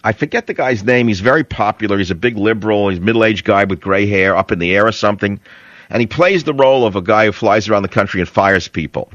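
An older man argues forcefully on his talk radio show, repeating lines for effect across monologue and calls from the radio studio. His fairly low, fairly bright voice comes fast with no echo, sounding dry and slightly dull.

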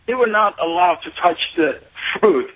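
Middle-aged male caller from Iran, husky, a bit high-voiced, halting phone-in speech. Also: lively intonation, a bit bright, low-quality recording. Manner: hesitant, many fillers. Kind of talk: phone-in call to radio show.

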